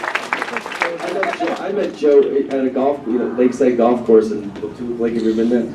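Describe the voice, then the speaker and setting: A man's voice: medium pitch, normal speed, a crowd in the background. A man on a convention panel telling a story in a chatty way with laughs, heard in a large hall. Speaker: panel guest. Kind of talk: convention Q&A anecdote. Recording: echoey hall from far off with clear noise.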